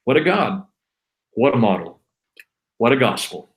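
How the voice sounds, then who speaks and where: A man's voice: mid-range voice, very animated, a little slow, rough recording. A man giving an impassioned, preaching monologue on a livestream, exhorting listeners with repeated, emphatic refrains. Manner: fervent, exhorting. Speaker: livestream co-host, Christian apologist.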